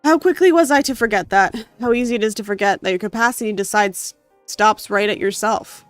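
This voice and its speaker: A gamer reading a story game's text aloud with emotional, expressive delivery and occasional asides. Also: mid-range voice, fairly quick, no echo, faint music behind. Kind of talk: dramatic reading of game text.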